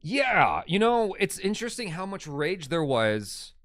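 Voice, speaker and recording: A man's voice: sits high, very animated, measured pace, a bit bright, no echo. A man co-hosting a casual live stream, reading viewer comments aloud and reacting. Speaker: co-host reading live chat.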